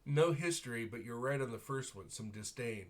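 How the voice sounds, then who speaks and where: A man's voice: medium pitch, expressive, normal speed. Guy running a tabletop game on a stream, laid back, lots of ums and chuckles. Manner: casual, chuckling, many fillers. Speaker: game master.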